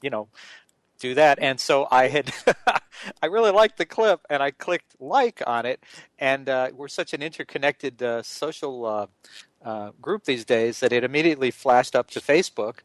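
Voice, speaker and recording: A man's voice: medium pitch, moderate pace, dry recording. A man hosting an interview in a chatty, jokey way. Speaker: podcast interview host.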